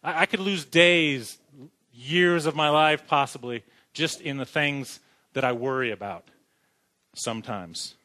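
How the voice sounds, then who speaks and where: A man's voice: fairly high pitch, a little slow, bright, forceful tone. A man preaching a sermon in a church who keeps asking the congregation questions and joking as he goes. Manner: asks the congregation questions, jokes as he talks. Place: church sanctuary.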